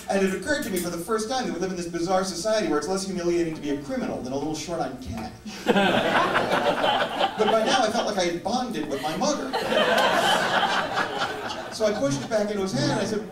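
Male comedian, wry measured storytelling, high voice, echoey theater. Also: animated. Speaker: stand-up comedian. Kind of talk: stand-up storytelling. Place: theater stage. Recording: echoey live theater from far off, loud noise.

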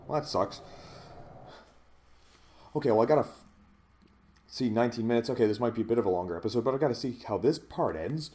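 A man's voice: medium pitch, fast, long pauses, dark tone, slight background noise. A man narrating his own horror gameplay, jumpy and swearing when startled. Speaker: let's play host.

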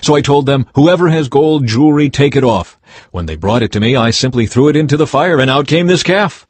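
A man's voice: medium pitch, expressive, fairly quick, breathy edge, no room sound, pitched above the performer's own voice. A man reading the lines of a defensive man making excuses in a scripture reading.

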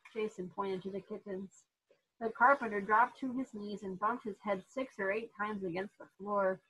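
A woman reading a children's book aloud in an expressive storytelling manner. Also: medium pitch, moderate pace, husky, rough recording. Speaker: reader to therapy dogs.

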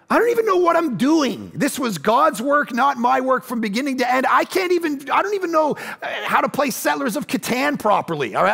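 A man in his forties preaches with a high voice and a gravelly edge. He tells stories in a loose, self-deprecating way and acts out the people in them. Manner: animated storytelling that acts out quoted voices. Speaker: pastor. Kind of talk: sermon.

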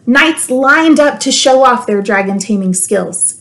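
A woman school librarian reading a children's storybook aloud, expressive and playful, with teasing asides to her listeners. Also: fairly high pitch, unhurried.

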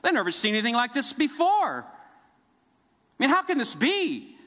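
A middle-aged man preaching a sermon, telling the story vividly with dramatic pauses. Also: very high-pitched, huge pitch swings, sharp tone, in a large hall. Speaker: pastor. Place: church sanctuary.

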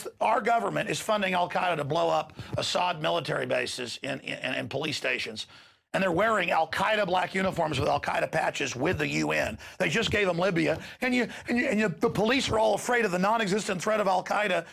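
A man's voice: high voice, brisk, gravelly, fairly bright tone. A man hosting a talk show, giving an impassioned, ranting monologue and acting out quoted exchanges.

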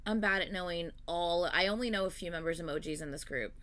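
A woman with a fairly low-pitched voice talks fast as she reacts to music videos in casual commentary. She is effusive and exclamatory, swinging between loud gushing and quiet murmurs.

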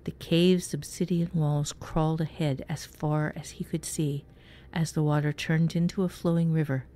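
A woman narrating a dark fantasy story in a measured, even way. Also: deep voice. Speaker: story reader. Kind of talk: scripted narration.

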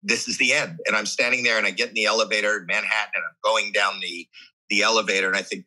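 A man's voice: lowish voice, quick pace, rough recording. A man guest on a podcast interview, telling a personal story with candid, earnest animation. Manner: animated, acts out his own and others' voices.

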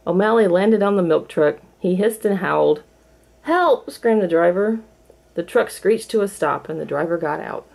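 A woman reading a children's storybook aloud in a clear, measured storytelling manner. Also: fairly low pitch, darkish tone. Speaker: storybook reader. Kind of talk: storybook read-aloud for kids.

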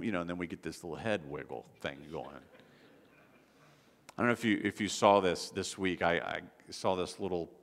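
A man preaching a sermon as pastor, in a conversational style with frequent restarts. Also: deep voice. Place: church sanctuary. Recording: long church hall reverb.

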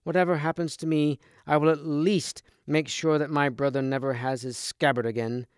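A man's voice: on the high side, level tone, normal speed, smooth, no echo, clean studio sound, voice pushed up, lightly acted. A man reading aloud as a scheming sorceress queen in a storybook, with a cold, commanding manner. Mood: pleading. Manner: cold, commanding, falsely sweet.

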